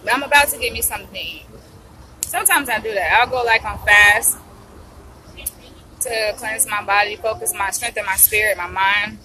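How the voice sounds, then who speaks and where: A woman talking casually and excitedly to her viewers in a vlog, gushing and calling them y'all, with food in her mouth. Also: mid-range voice, moderate pace, long pauses, a little hiss or hum, rough recording. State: eating while talking. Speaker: vlogger.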